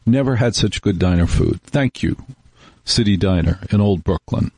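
Low husky male radio talk host. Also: moderate pace, a little mellow, no room sound. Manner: rambling, wry, storytelling with acted-out quotes. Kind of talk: casual radio monologue. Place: radio studio. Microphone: studio microphone.

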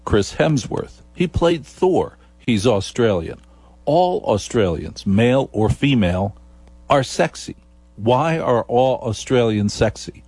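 A man from New Jersey with a New Jersey accent, hosting a comic radio talk show, playful and often dropping into a slow, low, seductive register. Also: lively intonation, a little mellow, slight background noise. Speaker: radio host.

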